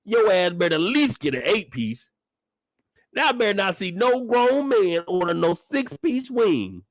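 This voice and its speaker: Young man, reaction host: high, bouncy voice, rowdy and profane, close dry mic. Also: measured pace, dry recording. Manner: loud, animated, joking, profane, breaks into laughter. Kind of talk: reaction commentary.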